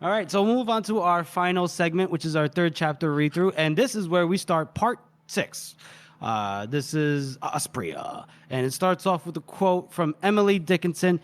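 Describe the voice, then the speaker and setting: A man's voice: a little high, expressive, moderate pace. Laughing man retelling a book chapter. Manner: laughing, swearing, acts out characters while retelling. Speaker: podcast co-host. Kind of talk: casual book discussion.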